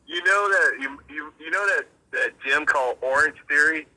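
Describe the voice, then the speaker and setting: A man's voice: a little high, normal speed, pushed and bright, dry recording, low-quality recording. A young man in casual chat, talking loosely with many fillers and frequent laughter. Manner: laughing often, lots of fillers. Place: Philadelphia.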